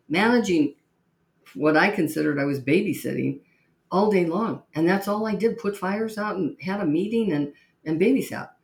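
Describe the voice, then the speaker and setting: A woman hosting a podcast, telling stories in a lively way and acting out the voices of the people she quotes. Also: deep voice, vocal fry, echoey room. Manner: lively storyteller who acts out quoted voices. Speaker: podcast host. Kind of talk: storytelling monologue.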